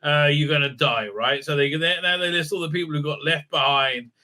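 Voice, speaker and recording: Male reviewer, sarcastic and foul-mouthed, stumbling through fillers; sharp, somewhat high voice. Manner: sarcastic, profane, halting with many fillers. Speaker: TV show reviewer. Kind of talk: ranting recap and review.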